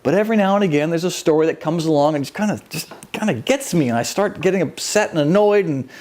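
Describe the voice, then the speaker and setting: A man's voice: on the high side, expressive, fast talker, darkish tone. A man preaching a conversational sermon, telling the story with animation and acting out the people in it. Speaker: pastor.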